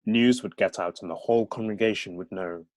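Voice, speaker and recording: A man's voice: lowish voice, a little fast, no echo. A male author talking at a book event and reading from his novel, with many hesitations.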